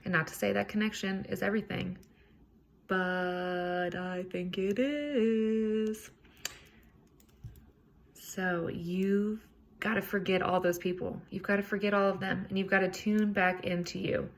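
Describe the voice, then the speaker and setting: A woman's voice: mid-range voice, flat delivery, brisk, gravelly. A woman hosting a podcast, talking casually and earnestly on her own, encouraging and a bit rambling. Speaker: podcast host. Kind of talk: casual solo self-help talk.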